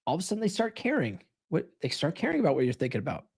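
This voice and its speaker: A man's voice: on the high side, huge pitch swings, racing, a little mellow, husky. A man hosting a live stream, talking casually in a blunt, profane, coaching tone. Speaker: live stream host giving dating advice.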